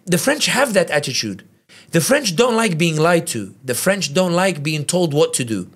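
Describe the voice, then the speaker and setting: A man from the United Kingdom giving lively conversational analysis as a podcast guest, often acting out quotes. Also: on the high side, breathy edge. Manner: animated, quick, acts out quotes in other voices. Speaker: guest commentator.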